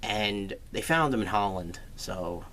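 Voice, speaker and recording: A man's voice: on the low side, lively intonation, unhurried, bright, forceful tone. A man recapping a film's plot in a casual, sarcastic way, swearing freely as he goes. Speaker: movie reviewer.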